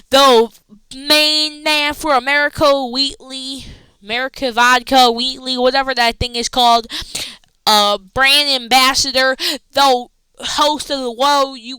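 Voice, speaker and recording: A woman casually recapping a wrestling show, rambling excitedly with slangy asides. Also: high-pitched, clean tone, no room sound, low-quality recording.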